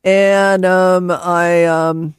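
A man's voice: sits high, flat delivery, very slow, smooth, no echo, studio quality. A man hosting a casual chat, talking in a rambling way with many ums and restarts. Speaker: host.

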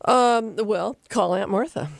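A woman hosting a radio talk show, giving animated, rambling dog behavior advice from a studio. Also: medium pitch, slow, vocal fry, no room sound.

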